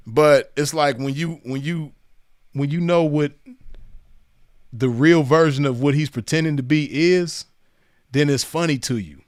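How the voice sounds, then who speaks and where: A man's voice: on the high side, fairly even intonation, normal speed, clear, resonant tone, dry recording. Mocking man with a dry, close sound. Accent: Southern California. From Los Angeles County. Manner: mocking, laughs often, repeats phrases. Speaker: commentary host reacting to clips. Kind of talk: casual reaction commentary.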